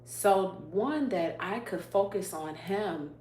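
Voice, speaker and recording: In a slow, mellow, mid-range voice, a woman on her YouTube livestream tells an emotional story of her faith with real earnestness. Frequent laughter breaks in as she reads viewer comments aloud and replies, and the echoey room carries a faint hum.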